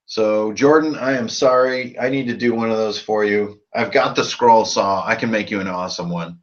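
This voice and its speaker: A man's voice: on the low side, fairly bright tone. A man hosting a live stream about tabletop role-playing games, tipsy from drinking and talking in a loose, profane, rambling way. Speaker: host of a tabletop RPG channel. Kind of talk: casual live-stream chat. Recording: dull lo-fi sound.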